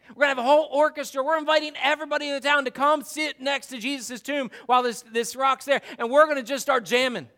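A man with an extremely high-pitched voice preaches a sermon as pastor. He's animated, moving between loud storytelling and hushed emphasis.

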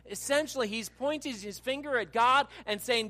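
A male pastor delivering a sermon in a fairly high voice. He talks with animated energy, dropping to quiet asides and then building to loud, emphatic lines. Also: unhurried, pauses often.

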